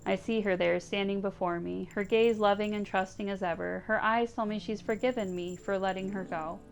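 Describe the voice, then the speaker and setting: A woman reading aloud as a grieving woman saying goodbye to her old cat, in a soft, tender, pleading way. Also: mid-range voice, fairly even intonation, a little fast, gravelly, faint music behind, natural voice. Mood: sorrowful. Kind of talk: reading visual novel text aloud.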